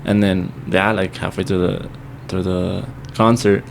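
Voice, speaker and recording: A man's voice: low-pitched, flat delivery, unhurried, vocal fry, slight background noise. A young man talking as a podcast guest, telling a story in casual chat, swearing freely and dropping Spanish phrases into his English.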